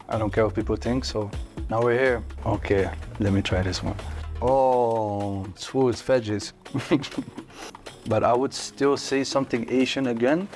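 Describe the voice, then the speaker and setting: A man's voice: medium pitch, darkish tone. A young man and singer chatting playfully while tasting breakfasts, laughing often and joking around. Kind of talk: casual food-tasting chat.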